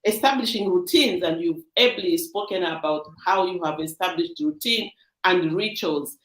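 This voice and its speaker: A woman's voice: on the low side, moderate pace. A woman coach hosting a livestream interview, encouraging her guest and asking questions. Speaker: coach and host. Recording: roomy echo.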